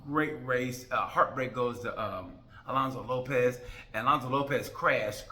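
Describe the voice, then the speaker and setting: A man's voice: mid-range voice, normal speed, sharp tone. A man hosting a motorcycle racing review, talking in a casual, jokey rant with rambling, exasperated asides.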